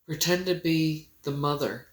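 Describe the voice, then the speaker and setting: A woman speaks casually into her phone on a livestream. She is emotional and halting, and she often breaks off and starts again. Her voice rings around an echoey room. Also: low voice. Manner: emotional, halting, with many pauses and restarts.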